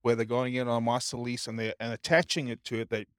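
A man in the class describing a market trend he has noticed, with halting restarts. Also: medium pitch, level tone, clear, resonant tone, no room sound, clean studio sound. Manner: halting, restarts while explaining. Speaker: class participant. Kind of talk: question from the audience.

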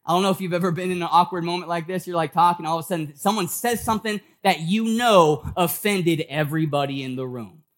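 A man's voice: high-pitched, fast talker, few pauses. A man preaching a sermon in a church, talking casually and acting out the people in his story. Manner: conversational preaching, acts out quoted voices. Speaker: pastor.

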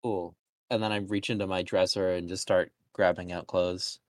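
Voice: sits low, flat delivery, moderate pace, no echo, studio quality. A tabletop player casually describing their character's actions, with some hesitation. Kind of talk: tabletop game play.

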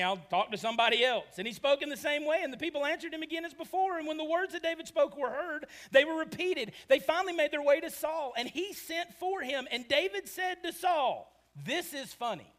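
Male pastor, very high pitch, dramatic sermon delivery with loud and quiet swings. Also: a little fast. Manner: animated, swings from shouting to hushed, acts out quotes.

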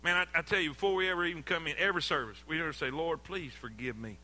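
A pastor preaching a folksy sermon in church, calling on the congregation and often repeating himself. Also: male voice, fairly high pitch, racing, pushed and bright. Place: church sanctuary.

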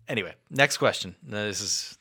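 A man with a low but bright, forceful voice hosts a casual podcast. He keeps the conversation moving, throwing out questions and firm quick opinions. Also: animated, slightly rough.

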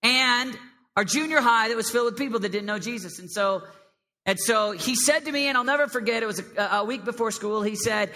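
A man preaching a lively sermon to a young congregation, with a high, squeaky voice, swinging between loud emphasis and hushed prayer. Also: brisk. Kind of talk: live sermon to a youth congregation. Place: large hall with a live crowd. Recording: long hall reverb.

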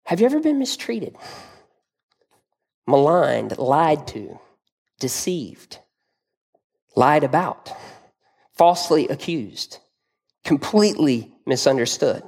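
Preaching pastor, vivid dramatic storyteller. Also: male voice, on the high side, very animated, takes it slowly, creaky, long pauses, darkish tone, husky. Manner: rhetorical questions to the congregation. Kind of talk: sermon.

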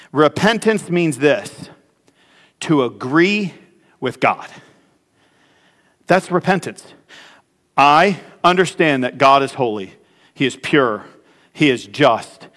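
A male pastor delivers a sermon, pausing often and restarting his phrases. His voice sits a little higher than usual for a man. The sound carries a long reverb from the church hall. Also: fairly bright tone. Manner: preaching with pauses and repeated restarts. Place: church sanctuary.

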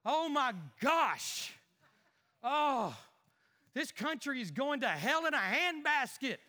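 A man's voice: extremely high pitch, fairly quick, sharp tone, clean tone, big-room sound, pitched above the performer's own voice. A man acting out a grumpy father who whines and complains about everything on a Sunday morning. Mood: griping. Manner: whiny, exasperated ranting. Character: grumpy middle-aged father, whining and complaining. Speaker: one-man skit in a sermon.

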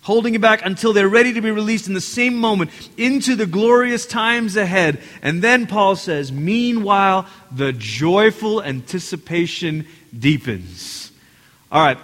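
Male pastor, high voice, lively preaching style, big reverberant church hall. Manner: animated, acts out quotes, addresses congregation directly. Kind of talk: sermon.

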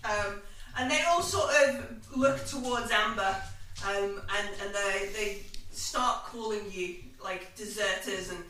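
A woman running a tabletop game as game master, narrating with many pauses and ums, in an echoey room away from the mic. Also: mid-range voice, bright, forceful tone, recorded from a distance, a little hiss or hum. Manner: hesitant, fills pauses with um, laughs often.

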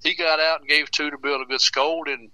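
A man spins a folksy small-town yarn, chuckling through it and stumbling over his restarts. His voice is very bright and a touch high, recorded close and dry in a studio. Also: flat delivery, dry recording, highs cut off. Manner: chuckles through his tales, halting repeats. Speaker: storyteller, radio guest. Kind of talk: folksy storytelling.

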